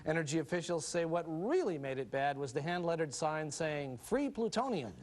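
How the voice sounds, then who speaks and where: A man's voice: on the high side, fairly quick. A man reading joke headlines as a news anchor with a dry, straight-faced delivery. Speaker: news anchor of a comedy news segment. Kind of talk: deadpan mock-news reading. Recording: noisy TV broadcast, studio audience.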